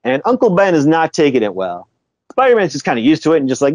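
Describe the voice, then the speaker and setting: A man's voice: on the high side, big pitch swings, fast, darkish tone, no echo, highs cut off. Laid-back man chatting with a dry sound. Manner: laid-back, chuckles often, swears casually. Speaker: podcast co-host. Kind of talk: casual comic book review chat.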